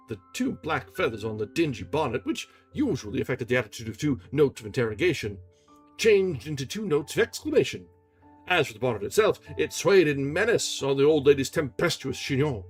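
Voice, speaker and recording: A man reads a classic novel aloud on a live stream, with lively, expressive narration. His voice is husky and fairly high, and soft music plays underneath. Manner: expressive reading, with small restarts. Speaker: reader and streamer. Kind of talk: live audiobook reading.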